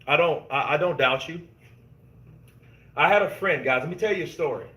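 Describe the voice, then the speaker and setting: Swearing without restraint, this man runs an informal boxing show, going through viewer comments and spinning stories in a lively, forceful style. He speaks at a normal speed in a slightly high voice, recorded in a gym with plenty of echo.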